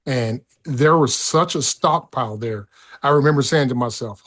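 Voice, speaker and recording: A middle-aged man talking as a podcast guest, excitable and profane, often stumbling over his words. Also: a little high, moderate pace. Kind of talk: casual political chat.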